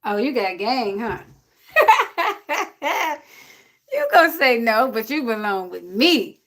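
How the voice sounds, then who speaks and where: A woman hosts a casual livestream, chatting with viewers. Her voice sits a little high and moves around a lot in pitch. Her talk is loose and chatty, and she breaks off now and then to talk to her dog. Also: expressive, normal speed, fairly bright tone. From Jersey City, USA. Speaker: livestream host. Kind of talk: casual live-stream chat.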